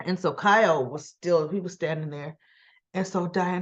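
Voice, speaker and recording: A woman hosting a casual soap opera recap, retelling the scenes and acting out the characters' lines in quick little voices. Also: fairly low pitch, muffled recording.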